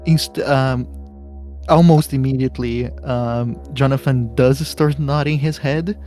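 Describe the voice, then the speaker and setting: A man's voice: medium pitch, steady tone, measured pace, warm tone, soft background music. A man playing a tabletop role-playing game, describing his character's actions in a chatty, laughing way. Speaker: player.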